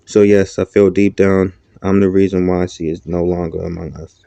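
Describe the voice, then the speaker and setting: A man's voice: low voice, completely flat delivery, moderate pace, vocal fry, dark tone, dry recording, dull audio. A man playing a grieving, guilt-ridden young man. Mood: despairing.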